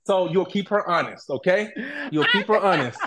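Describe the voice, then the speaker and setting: A middle-aged man telling a story as a guest in a casual interview, animated and acting out other people's lines. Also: high-pitched, moderate pace. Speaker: reality TV guest.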